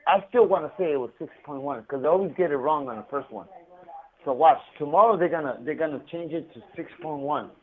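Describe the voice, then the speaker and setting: Man, casual prison-call storyteller, swears and laughs a lot, raised pitch, phone-line sound. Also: fast. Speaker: incarcerated caller.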